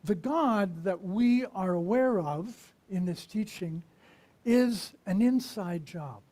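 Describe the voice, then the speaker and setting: A minister giving a conversational sermon, asking the congregation questions and pausing to reflect. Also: medium pitch, lively intonation, mellow. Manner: unhurried and reflective, with pauses.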